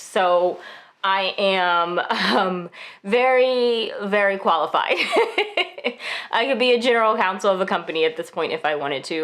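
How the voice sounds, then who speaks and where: A woman in her forties, from the United States, hosting a casual chatty vlog in an upbeat, measured way with sudden lifts in pitch on key words. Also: a bit bright. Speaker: vlogger and host.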